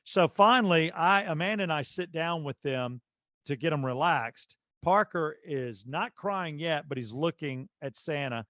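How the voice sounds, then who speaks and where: Male podcast host, slightly high voice, animated storyteller with lots of fillers, dry and slightly muffled audio. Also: unhurried, dry recording. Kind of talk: casual podcast chat.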